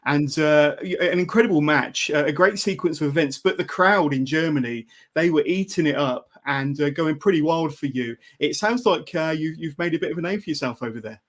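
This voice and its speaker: A man's voice: on the high side, brisk, hardly any pauses, a bit bright. A man hosting a live interview podcast, asking questions with frequent "uh" and "um" hesitations. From United Kingdom. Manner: hesitant, many "uh" and "um" fillers. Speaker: podcast host.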